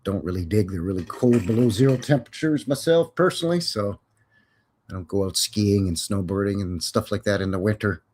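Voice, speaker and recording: A man's voice: fairly low pitch, a little fast, a little mellow. A man hosting a casual live stream, chatting in a folksy, rambling way with jokes and cowboy slang.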